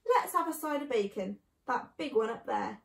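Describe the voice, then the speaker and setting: A woman's voice: high voice, sing-song, moderate pace. Boastful grinning fox father, commanding, storybook, woman reading, roomy sound. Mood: fussy. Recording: echoey room.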